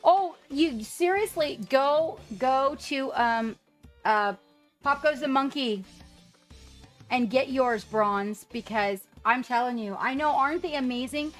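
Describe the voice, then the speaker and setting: A woman hosting a casual livestream, chatting excitedly as she paints miniatures and greets viewers by name. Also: high voice, slow pace, soft background music.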